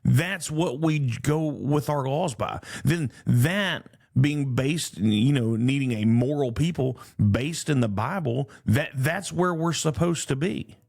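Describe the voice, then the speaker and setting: A man's voice: medium pitch, animated, slow, gravelly, a little mellow. A man hosting a solo podcast, reading news headlines aloud and commenting on them indignantly, with frequent fillers and restarts. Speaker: podcast host.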